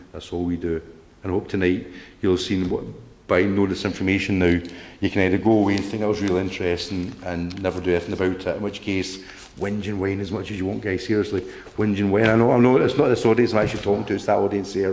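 A man's voice: low-pitched, a little mellow, slight background noise. A man giving a combative public talk to a local group, blunt and swearing, often asking "right?". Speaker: campaign speaker. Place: meeting room.

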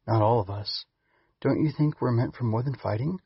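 A man reading aloud and voicing Quiver, a gentle, hesitant young male growbug who speaks softly and carefully, with a gravelly, husky voice. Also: mid-range voice, no room sound, muffled recording. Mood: earnest. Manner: soft-spoken, measured.

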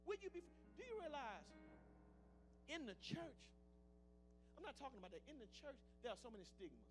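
Fiery high-voiced preacher with church music. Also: male voice, huge pitch swings, brisk. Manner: fiery preaching, swinging between shouts and low murmurs. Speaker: pastor. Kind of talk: sermon.

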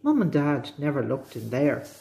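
A woman with an Irish accent, a librarian reading a children's storybook aloud with expressive delivery. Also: extremely low pitch, moderate pace, gravelly.

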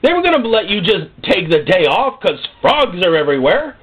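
A male pastor preaching a sermon in an animated, storytelling way, with jokes and acted-out scenes. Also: sits high, normal speed, breathy edge. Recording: tinny phone-like sound.

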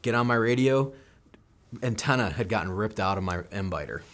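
A deep, low-pitched American man in his thirties tells a war story in an interview. He recounts the action intensely in the first person and slips into the voices of the people involved. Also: animated, a little fast, a bit bright. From United States. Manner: intense first-person combat recounting, acts out quoted lines. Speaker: military veteran guest.

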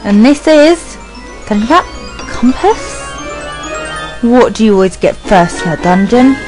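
Woman rambling through a let's play, high bouncy voice, faint music under it. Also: unhurried, rough recording. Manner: chatty, rambling, talks to her dog; excitable, yelps and squeals at the game. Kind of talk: casual gameplay commentary.

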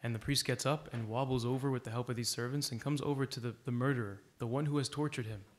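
A man's voice: mid-range voice, fairly even intonation, quick pace, slight background noise. A man preaching a sermon in a church, earnest and exhorting, telling a story to make his point.

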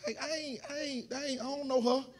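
A man preaching a sermon in a church, repeating his words as he goes and swelling into shouted preaching. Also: very high voice, fairly even intonation, brisk. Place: church sanctuary.

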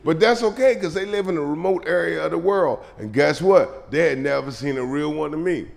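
A man doing live stand-up comedy, telling loose, profane stories and shouting his punchlines. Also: fairly high pitch, fairly quick, creaky, a little hiss or hum. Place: comedy club stage. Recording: live club recording with crowd laughter. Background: audience laughter.

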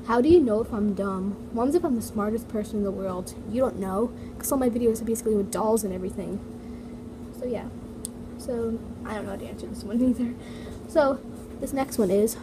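A woman's voice: fairly high pitch, brisk. A female toy vlogger chatting casually in her basement, full of "like" and "so yeah" fillers. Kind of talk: casual chat reading comments. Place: home basement. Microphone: iPad mini. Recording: noisy home recording, heater hum. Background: heater running.

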